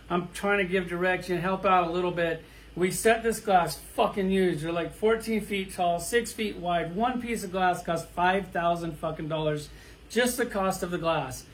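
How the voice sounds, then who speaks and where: A middle-aged man ranting bluntly and crudely, firing off rhetorical questions in a profane monologue. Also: sits high. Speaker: toy collector vlogger.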